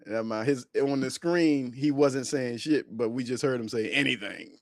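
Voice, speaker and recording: A man hosting a casual podcast, telling stories with lots of laughter and animated delivery. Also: medium pitch, moderate pace, dry recording, studio quality. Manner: animated storyteller, laughs a lot. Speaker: podcast host. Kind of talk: casual chat.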